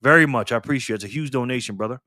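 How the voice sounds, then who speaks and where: A man's voice: mid-range voice, rapid-fire, pushed and bright, no room sound, clean studio sound. Upbeat older man hosting a livestream. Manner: upbeat, greets and thanks viewers by name. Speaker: livestream host. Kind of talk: casual livestream chat, reading donations. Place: alone at a desk at home. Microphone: desk mic facing a camera.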